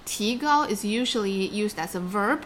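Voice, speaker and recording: A woman teaching Chinese vocabulary in a bilingual lesson, patient and quick to laugh. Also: medium pitch, expressive, a little hiss or hum. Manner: patient, explains slowly, laughs easily.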